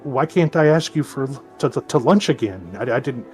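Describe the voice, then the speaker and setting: A plucky, eager adventurer with a kid-like manner, voiced by a man. He stumbles earnestly over his words in a mid-pitched voice. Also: fairly quick, a little mellow, soft background music, natural voice. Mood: puzzled.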